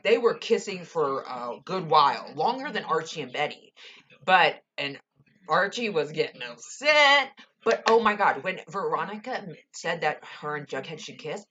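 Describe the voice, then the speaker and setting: A woman's voice: low voice, a bit bright, lo-fi sound. A young woman casually reviewing a TV episode, gushing and ranting with lots of "like" and swearing.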